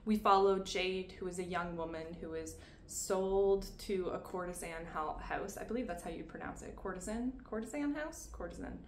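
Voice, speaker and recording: A woman with a Canadian accent talks through her monthly reads in a relaxed, reflective way, catching and laughing at her own slips. Her voice sits on the lower side. The room adds a noticeable echo and a faint hum of ambience. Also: normal speed, few pauses. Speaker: book reviewer. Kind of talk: casual book review. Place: room at home.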